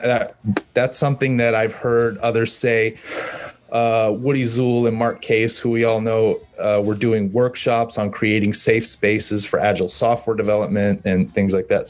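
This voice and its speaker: Low-voiced man hosting a podcast. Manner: halting, rephrases questions. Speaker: podcast host. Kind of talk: casual podcast chat. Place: virtual coffee shop call.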